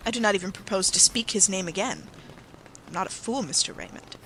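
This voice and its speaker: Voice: medium pitch, lively intonation, fast, bright, forceful tone, slight background noise, low-quality recording. A narrator voicing a bitter Victorian secretary. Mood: guarded. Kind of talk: audiobook character reading.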